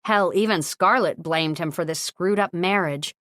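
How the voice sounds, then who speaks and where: Woman audiobook narrator, lowish voice, dry close read. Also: moderate pace, few pauses, a bit bright, no room sound. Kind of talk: scripted narration.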